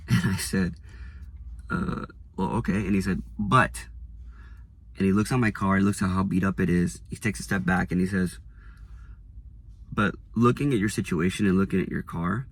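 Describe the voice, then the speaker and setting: A man's voice: low voice, slight background noise. A young man, a real estate agent, telling a candid, self-deprecating story about hard times. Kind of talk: storytelling vlog.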